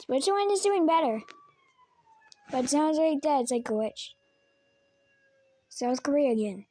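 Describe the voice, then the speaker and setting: A woman's voice: sits high, a little slow, mellow. A woman casually reacting to alarm sounds, joking and giving blunt, offhand verdicts. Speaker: video creator rating alarm sounds.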